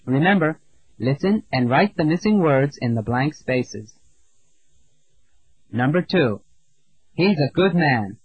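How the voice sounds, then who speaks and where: In a scripted language lesson, a man with a slightly high and husky voice carefully reads English words and sentences for learners to repeat, drilling slowly and clearly with pauses in a measured way. The recording is dry and somewhat dull, reminiscent of an old lo-fi lesson tape.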